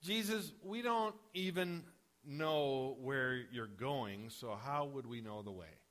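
A man's voice: mid-range voice, slow pace, fairly bright tone, pitched below the performer's own voice. A man doing an exasperated sarcastic disciple. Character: frustrated sarcastic male disciple.

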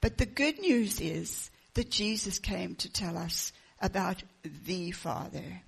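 A woman preaching a sermon, reading a children's story aloud with expressive storytelling. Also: lowish voice, takes it slowly, vocal fry, slightly rough.

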